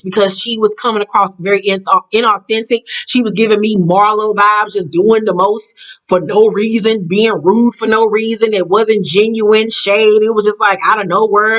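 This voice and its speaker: A woman recapping a reality show in blunt, profane, catty casual talk, jumping up in pitch as she acts out quotes. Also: a bit bright, rough recording.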